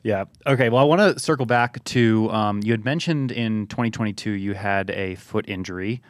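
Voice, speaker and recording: A man's voice: on the low side, normal speed, dry recording, studio quality. A man hosting a podcast, asking questions in a chatty, casual way and laughing along with his guest. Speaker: podcast host. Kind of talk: casual interview.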